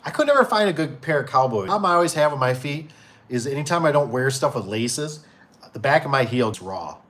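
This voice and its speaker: A man's voice: mid-range voice, lively intonation, fast talker, a bit bright. A man in his forties hosting a casual livestream for his door and gate business. He reads viewer comments aloud and rambles easily, with many fillers and restarts. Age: 40s.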